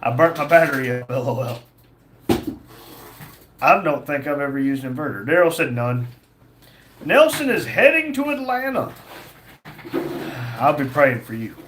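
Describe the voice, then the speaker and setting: A man co-hosting a casual livestream, worn out and a bit out of breath, reading viewer comments with a joking drawl. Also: a little high. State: tired, out of breath. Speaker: livestream co-host. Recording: echoey room with faint background noise.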